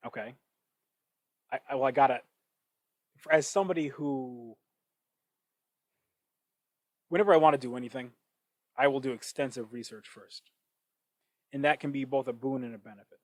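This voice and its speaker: A man hosting his own podcast, thinking out loud in a casual monologue with many restarts and asides. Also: mid-range voice, brisk, long pauses, no room sound, poor audio. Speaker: podcast host. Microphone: cheap microphone. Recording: dry, close cheap-mic sound.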